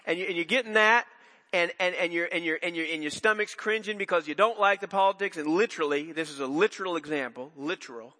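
Male pastor, conversational sermon full of asides and restarts, lifted pitch, echoing church. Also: quick pace, pushed and bright. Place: church sanctuary.

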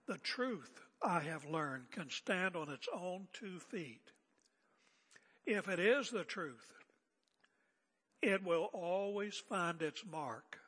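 An older man preaching a sermon as pastor, seated and speaking in a calm, conversational way with rhetorical questions. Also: a little high, slightly rough, long reverb tail. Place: church sanctuary. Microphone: seated at pulpit area mic.

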